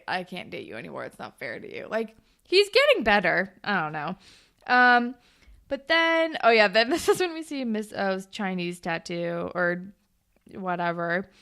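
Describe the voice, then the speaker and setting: A woman's voice: medium pitch, a bit bright. A young woman co-hosting a podcast, recapping a TV episode in casual chat, laughing often and filling with "like" and "um". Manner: chatty, laughs often, lots of "like" and "um". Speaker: podcast co-host.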